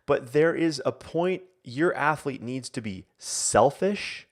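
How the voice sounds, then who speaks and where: A man's voice: medium pitch, slow. A man hosting a live online Q&A as a coach, talking casually with many fillers and restarts. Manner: rambling, many fillers and restarts, animated quotes. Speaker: coach and host.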